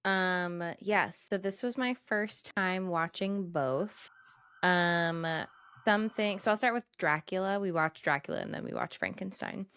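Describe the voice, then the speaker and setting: A woman's voice: mid-range voice, measured pace, fairly bright tone, clear, resonant tone, no echo. A woman co-hosting a podcast in casual chat, rambling and giggly with lots of fillers. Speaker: podcast co-host.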